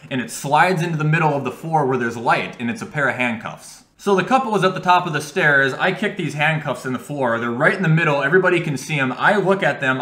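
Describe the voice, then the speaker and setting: A young man vlogging while he plays a game, telling an animated, profane story. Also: medium pitch. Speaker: gaming vlogger. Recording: echoey room.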